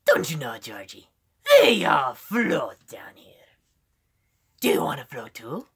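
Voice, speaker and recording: A man voicing a sinister monster clown with breathy, whispered taunts. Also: medium pitch, wildly swooping pitch, takes it slowly, a bit bright, heavily acted.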